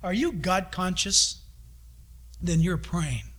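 A middle-aged male pastor preaching a lively sermon, acting out the voices of God and his kids as he talks. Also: high-pitched, slow.

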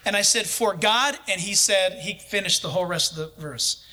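A man with a high, bright voice preaches through a personal anecdote. He tells it in a lively, conversational way and chuckles at his own story. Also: moderate pace. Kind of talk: storytelling in a sermon.

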